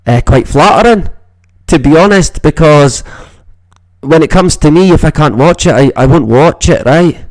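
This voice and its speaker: A Scottish man hosts a loose livestream chat and drifts from one thought to the next, swearing almost every sentence. He talks slowly in a slightly high voice. The sound is dry and close, with no room echo. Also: a little mellow. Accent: Scottish, northeast Moray. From Scotland. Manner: rambling, swears constantly. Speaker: livestream host.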